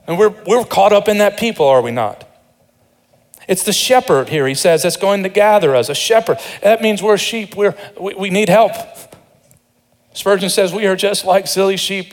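A man preaching a sermon as pastor, earnest and building to fervent exhortation. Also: on the high side. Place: church sanctuary. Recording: long reverb of a large hall.

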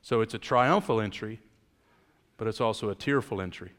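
A man's voice: on the low side, moderate pace, fairly bright tone, long reverb tail. A man preaching a sermon, moving between casual storytelling with jokes and emphatic preaching. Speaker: pastor.

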